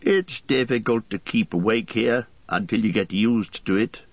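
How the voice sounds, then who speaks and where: A man voicing an old, chatty male hobbit poet who talks briskly, recorded dry and slightly muffled. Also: lowish voice, creaky, no echo.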